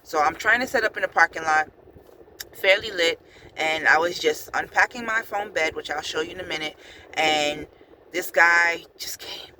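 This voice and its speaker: A woman vlogging casually from her car, telling a story with many ums and an animated, chatty manner. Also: deep voice, moderate pace, noisy background.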